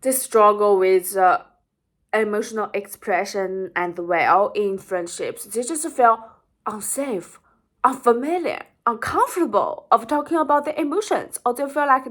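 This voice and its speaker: High-voiced woman explaining earnestly. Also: lively intonation, moderate pace, a bit bright. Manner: earnest, rephrases and repeats while explaining. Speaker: psychology explainer. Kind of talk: informal educational talk.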